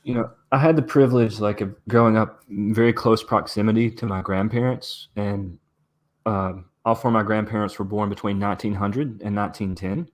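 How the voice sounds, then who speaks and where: A man on a livestream panel, telling unhurried stories and savoring old dialect words. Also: fairly low pitch. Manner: storytelling, relaxed, relishes folksy dialect words. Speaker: game writer on a livestream panel. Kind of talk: casual livestream chat.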